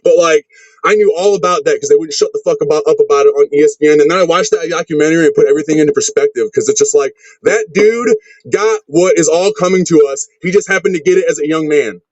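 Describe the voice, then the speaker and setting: A man's voice: on the high side, fast, dry recording. A man in his thirties, a wrestler, rambling in a casual interview and swearing constantly. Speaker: wrestler, podcast guest. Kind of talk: casual profane interview chat. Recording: dull lo-fi sound.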